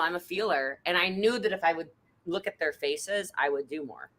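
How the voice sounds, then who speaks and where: Thirties woman, host, bright, forceful tone, animated storyteller who acts out quotes. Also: moderate pace, a little hiss or hum. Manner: animated storyteller, jumps into high-pitched quoted voices. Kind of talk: casual conversation.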